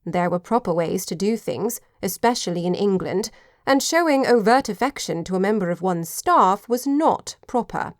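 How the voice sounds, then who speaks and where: A woman's voice: medium pitch, lively intonation, moderate pace, dry recording, studio quality. Woman narrating an audiobook. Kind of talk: scripted narration.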